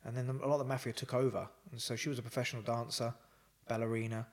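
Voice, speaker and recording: A man appearing as a podcast guest speaks fast in a flat, medium-pitched voice. Chatting casually, he rambles through personal stories with lots of fillers and quoted dialogue.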